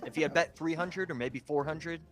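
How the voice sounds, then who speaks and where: A man's voice: on the high side, a little fast, over music. Upbeat male poker commentator. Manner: laughing, upbeat play-by-play.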